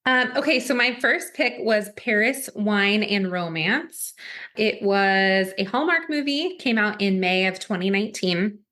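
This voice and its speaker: A woman's voice: medium pitch, lively intonation, unhurried, bright, forceful tone. A woman co-hosting a podcast, telling a story in a chatty way with frequent giggles. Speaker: podcast co-host. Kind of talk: casual chat.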